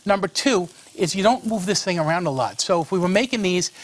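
Fast-talking, high-voiced New man. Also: expressive. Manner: enthusiastic, folksy, talks while cooking. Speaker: cooking show host, a monsignor. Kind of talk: chatty cooking demonstration.

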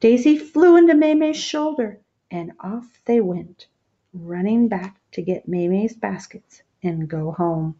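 A woman's voice: medium pitch, lively intonation, measured pace, dark tone. A woman reading a picture book aloud, adding explaining asides for young listeners. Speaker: storybook reader. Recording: dull lo-fi recording.

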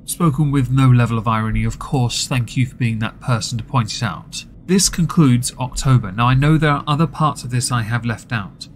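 A man's voice: mid-range voice, a little hiss or hum. A man, hosting a commentary video and reading a scripted, mocking rundown in a sarcastic tone. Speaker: commentary channel host.

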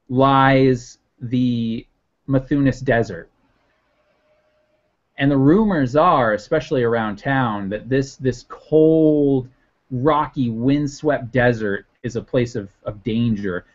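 A man narrating a tabletop game as game master, rambling with restarts, on a dull lo-fi recording. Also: mid-range voice. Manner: rambling, many fillers and restarts.

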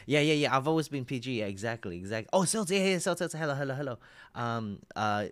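An Australian man reacts live on his stream, chatty and quick to get excited. His pitch jumps all over the place, and the sound is close and dry with no room around it. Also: dry recording.

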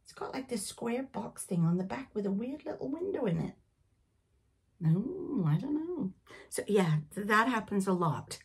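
A woman's voice: mid-range voice, big pitch swings, moderate pace, husky. A middle-aged woman from Britain with a Canadian-sounding accent, hosting a knitting podcast in a rambling, chatty way that drifts off on tangents. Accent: Canadian-sounding English. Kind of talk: casual chat.

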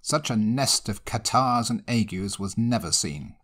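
A man's voice: on the low side, expressive, measured pace, fairly bright tone. A man voicing an impatient, commanding country squire who speaks brusquely.

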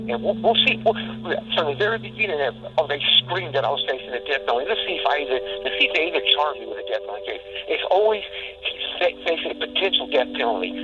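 A man's voice: fairly high pitch, very animated, fast, dull audio, music in the background. A man speaking as a criminal defendant in a heated monologue, agitated and stumbling over many restarts.

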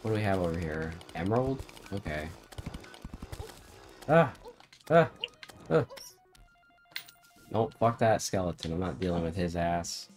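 Low-voiced, laid-back joking man. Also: lively intonation, measured pace, long pauses, a little mellow, soft background music. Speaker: gamer. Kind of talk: casual gaming chat.

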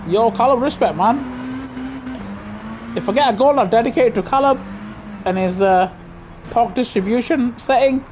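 A man's voice: very high voice, moderate pace, long pauses, noisy background. Guy chatting while sim racing. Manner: chatty, reacts loudly to the race, jokes with viewers in slang. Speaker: live-streaming sim racing gamer. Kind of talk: casual live-stream chat while racing. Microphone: gaming headset.

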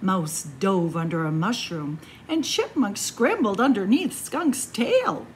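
A woman, a children's librarian, reading a picture book aloud to kids in a slow, expressive storytelling voice. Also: mid-range voice, a little hiss or hum.

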